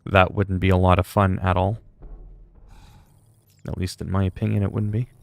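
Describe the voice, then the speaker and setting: Man, game streamer, low voice, rambling casual chat, swears freely. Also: level tone, moderate pace, creaky, a little mellow, slight background noise.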